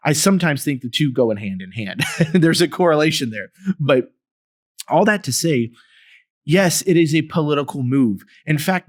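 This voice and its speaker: A man hosting a podcast, giving solo political commentary in an emphatic, animated way with sarcastic asides. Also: on the high side. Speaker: podcast host.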